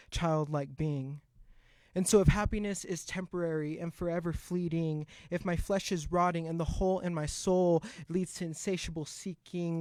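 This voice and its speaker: A man's voice: sits high, darkish tone, no echo. A man performing an impassioned, rhythmic spoken word poem at a live open mic, into a stage mic. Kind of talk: spoken word poetry recital.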